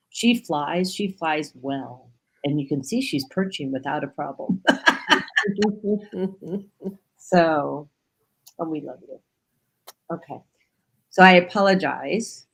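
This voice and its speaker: A woman's voice: on the low side, gravelly, breathy edge, low-quality recording. A woman hosting a talk show, speaking emotionally and spiritually and apologizing as she hands over the floor. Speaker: host. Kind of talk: casual chat.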